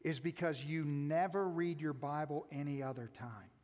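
A man, a pastor, preaching a sermon, putting many questions to his listeners and moving between raised emphasis and soft asides. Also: a little high, normal speed. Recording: long reverb of a large hall.

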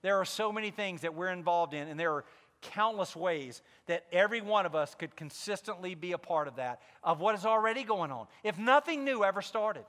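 A man's voice: sits high, expressive, brisk, a bit bright, big-room sound. A man preaching a sermon as pastor, telling a personal story with candid asides and building to fervent emphasis.

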